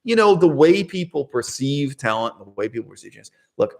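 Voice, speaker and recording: On his own channel, a man rambles through a personal anecdote, drifting off topic, fixing his own words, and laughing at himself. His voice sits on the high side with a sing-song lilt and a darkish tone, and he talks a little fast.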